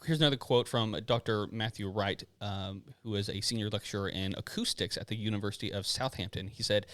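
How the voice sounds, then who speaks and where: Brief: male podcast co-host, animated pitch, dry close sound, joking, stumbles through read-out quotes. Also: no echo. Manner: joking, loose, reads quotes haltingly with fillers. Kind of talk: casual chat, reading articles aloud.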